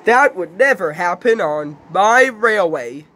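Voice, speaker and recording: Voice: medium pitch, expressive, slow, a bit bright, slight background noise. A reader voicing a stout, firm male railway boss who reassures his engines. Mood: reassuring.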